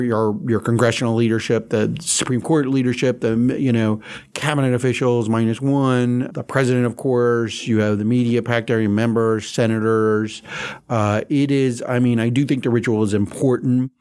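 A man, a veteran political reporter, recounting memories in a halting, anecdotal way with many fillers. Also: mid-range voice, a little mellow. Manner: anecdotal, halting, lots of "you know". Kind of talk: interview storytelling.

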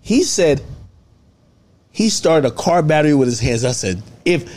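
A man's voice: a little high, very animated, measured pace, darkish tone. A man hosting a casual interview, joking with his guest and challenging his stories. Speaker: podcast host.

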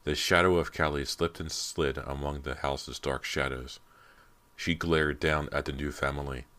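A man narrating an audiobook in a measured, ominous way. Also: extremely low pitch, fairly even intonation, bright, forceful tone. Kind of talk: scripted narration.

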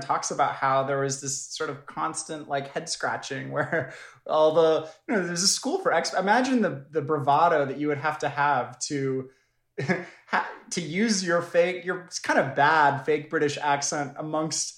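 A man's voice: a little high, normal speed, a bit bright, echoey room. A man, a documentary filmmaker, talking through his work in an interview, thoughtful and full of fillers and restarts. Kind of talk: conversational interview.

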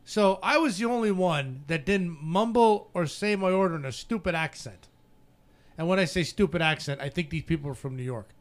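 A man's voice: sits high, lively intonation, normal speed. A man co-hosting a podcast, telling stories in casual chat, laughing often and swearing freely. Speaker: podcast co-host.

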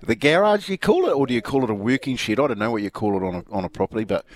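A man's voice: medium pitch, lively intonation, rapid-fire. A man with a New Zealand accent co-hosting a radio show in casual chat, telling anecdotes and chuckling often. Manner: chatty storyteller, chuckles often. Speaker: radio co-host.

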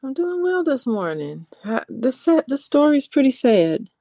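A woman's voice: high-pitched, very animated, a little slow, dark tone, dry recording. A woman co-hosting a casual live-stream chat as a relationship therapist, thoughtful and hesitant, with fillers.

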